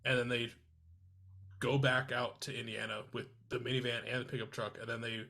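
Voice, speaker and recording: Guest musician from new york chatting, gravelly voice, kinda bright and sharp, easygoing. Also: male voice, mid-range voice, level tone, a little fast. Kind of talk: casual chat.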